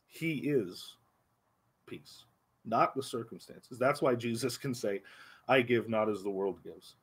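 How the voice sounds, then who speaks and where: A man teaching an adult Bible class in a church, speaking earnestly and slowing down for emphasis on key phrases. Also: mid-range voice, breathy edge. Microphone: livestream microphone.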